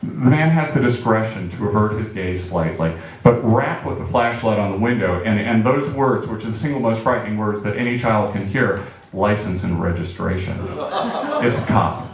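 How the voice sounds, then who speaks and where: Brief: lively male storyteller, mid-pitched, very reverberant room. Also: moderate pace. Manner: animated, acts out quotes. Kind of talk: personal story told to a live audience. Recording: very echoey barn with faint noise.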